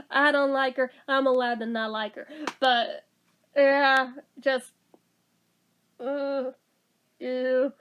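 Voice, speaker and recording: A woman giving a casual movie review, sarcastic and blunt, swearing freely. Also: high voice.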